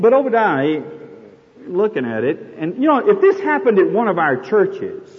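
Animated folksy preacher, echoey hall. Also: male voice, on the high side. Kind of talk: sermon. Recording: echoey hall, dull lo-fi, faint noise.

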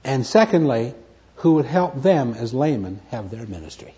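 A man's voice: mid-range voice, very animated, moderate pace, mellow. Emphatic male Bible teacher, lo-fi. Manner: emphatic, repeats key words, asks and answers his own questions. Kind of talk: Bible study lecture. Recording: dull lo-fi recording.

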